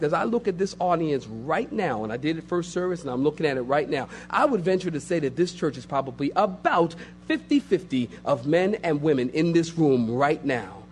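A man's voice: on the high side, a little hiss or hum. A man preaching a sermon as pastor, emphatic and repetitive, building phrase upon phrase.

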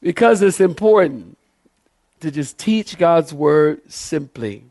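A man's voice: on the high side, animated, slow pace, a little mellow, no room sound, clean studio sound. A middle-aged male pastor preaching a sermon, passionate and emphatic, calling on the congregation to respond.

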